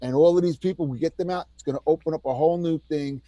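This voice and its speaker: A man co-hosting a heated political talk show, ranting with energy and mocking whoever he disagrees with. His voice sits fairly high for a man. The sound is dry and close, with no room echo. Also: fast talker, mellow. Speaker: co-host.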